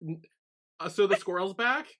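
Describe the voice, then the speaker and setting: A man's voice: sits high, lively intonation, normal speed, pushed and bright. A man co-hosting a podcast in casual chat, mostly giving short agreeing replies and the odd dry joke. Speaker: podcast co-host.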